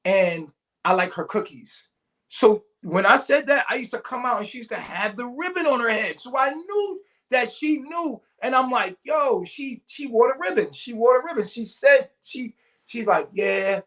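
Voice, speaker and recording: A man's voice: extremely high pitch, expressive, normal speed, fairly bright tone, dull audio. A man telling a story in casual talk, acting out every quote with big jumps in his voice and swearing freely. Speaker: storyteller guest. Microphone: remote call mic.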